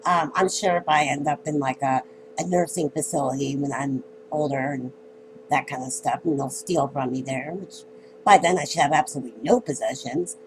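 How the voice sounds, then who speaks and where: Halting, bitter woman venting at home. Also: deep voice, poor audio. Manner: halting, hesitant, bitter and self-mocking. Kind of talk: emotional personal rant. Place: at home in an apartment.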